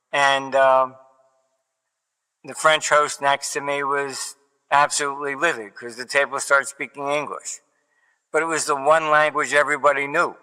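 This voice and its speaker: Older male interview guest, bright and smooth-voiced, rambling through wry stories, heard with a long reverberant room tail. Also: medium pitch. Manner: digressive storyteller, wry and matter-of-fact. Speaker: interview guest, market forecaster. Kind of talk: rambling anecdotal interview talk.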